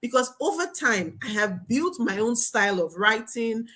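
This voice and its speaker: A young adult woman teaching a marketing webinar as a coach, talking in an animated, emphatic way. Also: fairly high pitch, normal speed. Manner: animated, emphatic, laughs and acts out students' voices.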